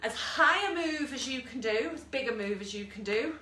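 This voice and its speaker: Bright, high-voiced woman fitness instructor. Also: expressive, normal speed. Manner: encouraging cues and countdowns with asides. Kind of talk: online exercise class instruction. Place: room at home, with a dog nearby. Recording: echoey room, voice from a distance, faint noise.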